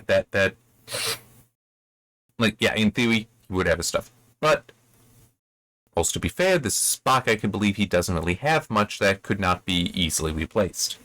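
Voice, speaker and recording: A man's voice: deep voice, sharp tone. A man reviewing a novel, reading passages aloud and adding rambling, self-correcting commentary. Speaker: book reviewer.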